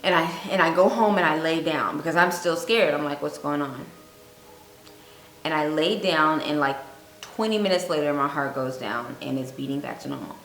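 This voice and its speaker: A woman giving earnest fasting advice on her vlog, telling a personal story and repeating points for emphasis. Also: low voice, fairly bright tone. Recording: echoey room with faint music.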